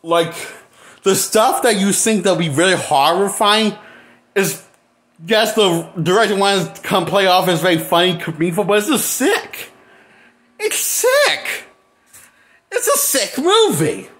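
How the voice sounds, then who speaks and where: A man giving a casual movie review, incredulous and animated, often repeating himself and laughing nervously. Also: sits high. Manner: repeats himself, halting restarts. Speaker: movie critic.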